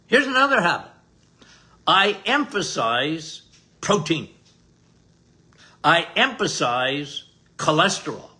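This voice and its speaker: An older man with a bright, sharp, high-set voice that swoops up and down as he talks. He hosts a podcast as a doctor and drives home his points in an emphatic, folksy way, circling back and repeating himself. He takes his time between phrases. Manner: emphatic, repetitive, folksy preacher-like delivery. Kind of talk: casual health talk monologue.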